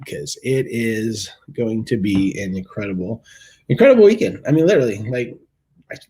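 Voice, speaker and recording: A man's voice: mid-range voice, darkish tone. A man hosting a casual morning show, chatting about the weekend and then reading and paraphrasing a Bible story in everyday words, with frequent restarts. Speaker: host of a morning video devotional.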